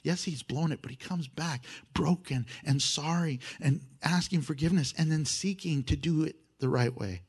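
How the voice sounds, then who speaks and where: A man preaching a sermon, animated, swinging from loud emphasis to hushed, intimate asides and acting out prayers with humor. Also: a little high, normal speed, few pauses, husky. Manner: acts out prayers and voices with humor. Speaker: pastor.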